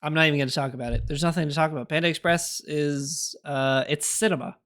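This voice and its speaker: A man's voice: fairly high pitch, steady tone, quick pace, fairly bright tone. A young man chatting casually on a live stream, rambling through opinions and answering his chat with little laughs.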